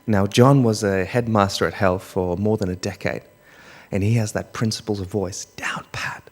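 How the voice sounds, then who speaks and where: A young Australian man tells a story from the stage in a low voice, dropping to quiet asides and then rising into loud, lively bursts. His voice rings out with a long reverb from a large hall. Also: normal speed. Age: young adult. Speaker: public speaker. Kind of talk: storytelling talk.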